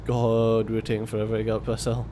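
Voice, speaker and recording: A man's voice: lowish voice, fast talker. A young Scottish man giving casual gameplay commentary, swearing and mock-raging at other drivers. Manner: profane, mock-angry banter at other drivers. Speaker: let's play host. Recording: steady background hum.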